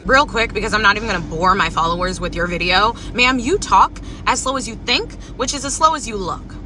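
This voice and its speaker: Snarky bright-voiced woman. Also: mid-range voice, brisk, a little hiss or hum. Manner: mocking, insulting, snarky. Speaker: social media creator.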